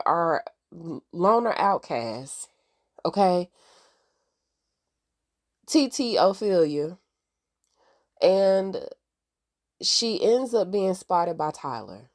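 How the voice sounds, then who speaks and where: Animated, slangy woman recapping a TV show. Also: medium pitch. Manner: animated, slangy, chatty, talks straight to viewers. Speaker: TV recap host. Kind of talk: casual TV recap.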